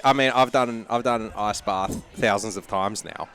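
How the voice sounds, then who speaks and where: A man being interviewed on a podcast, speaking in a relaxed, thoughtful way and laughing easily. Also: lowish voice, moderate pace. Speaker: podcast guest. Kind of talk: casual conversational interview.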